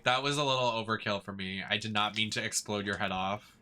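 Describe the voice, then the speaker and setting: A man's voice: on the low side, fairly even intonation, brisk, pushed and bright, slight background noise. A man who streams games and performs in drag, giving chatty, campy commentary that rambles with lots of fillers. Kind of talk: casual gameplay commentary.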